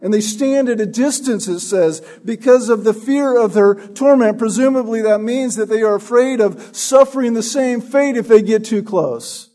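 A man preaching a sermon, teaching from a Bible passage with a slow, emphatic, drawn-out delivery. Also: very high-pitched, dark tone.

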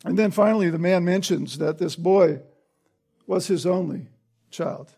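A man's voice: high-pitched, unhurried, gravelly, mellow, breathy edge. A man preaching an expository sermon, explaining the text and often checking in with the listeners through tag questions.

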